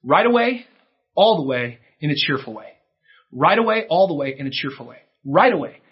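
A man preaching a sermon to children, animated and acting out kids' replies in a higher voice. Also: normal speed, husky. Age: adult. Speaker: pastor. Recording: dull lo-fi recording.

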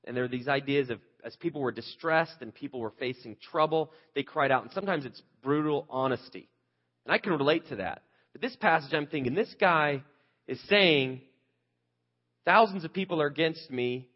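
A man's voice: medium pitch, a little fast, dull audio. A male pastor preaching a conversational sermon, earnest and candid, asking the listeners rhetorical questions.

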